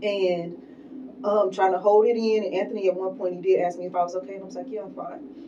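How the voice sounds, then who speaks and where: Mellow-voiced woman telling her story. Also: medium pitch, flat delivery, fast. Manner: casual, filler-heavy, with many likes and ums. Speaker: guest. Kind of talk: personal storytelling. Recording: dull, distant sound with faint noise.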